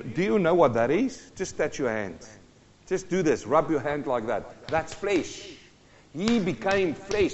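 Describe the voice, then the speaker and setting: Animated preacher man in a reverberant hall. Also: on the high side. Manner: animated storytelling, swings between quiet and shouting. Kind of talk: sermon. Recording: long hall reverb, dull lo-fi sound.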